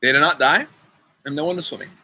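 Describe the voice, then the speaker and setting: Young male youth leader, casual and chatty, bright voice, computer mic. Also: fairly high pitch, fast talker, rough recording. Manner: chatty, playful, talks to kids by name. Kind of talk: casual online riddle game. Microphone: computer mic on a video call.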